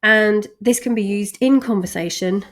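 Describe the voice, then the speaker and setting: A woman teaching a communication lesson, chatty and quick to laugh, stressing key words. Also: medium pitch. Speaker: communication coach. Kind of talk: recorded lesson.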